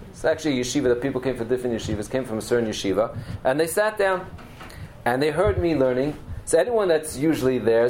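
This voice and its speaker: A man's voice: mid-range voice, darkish tone, a little hiss or hum, rough recording. A middle-aged man giving a Torah lecture as a teacher, telling stories earnestly and mixing Hebrew and Yiddish terms into his English.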